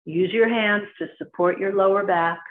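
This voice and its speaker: Through a tinny, phone-like recording with slight background noise, a New Jersey-accented woman instructs a qigong class with short cues timed to each movement. Her medium-pitched voice holds a steady tone at a moderate pace.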